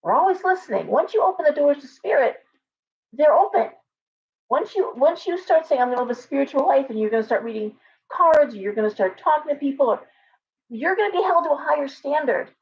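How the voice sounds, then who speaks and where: A woman chatting to viewers on her tarot livestream, lively and full of restarts and asides. Her voice sits a little high and comes through slightly dull and lo-fi, like a webcam stream. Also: fairly quick. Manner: animated, talks with lots of restarts and asides to viewers. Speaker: tarot reader and livestream host. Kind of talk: casual livestream chat. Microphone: webcam with ring light.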